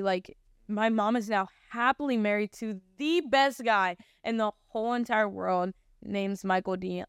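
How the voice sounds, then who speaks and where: A young woman in her twenties shares her personal testimony on a podcast, talking in a loose, filler-heavy ramble that turns earnest and emotional. Her voice is smooth and clear at an everyday middle pitch, recorded dry and close. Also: no room sound. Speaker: podcast host. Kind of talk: personal testimony, casual chat.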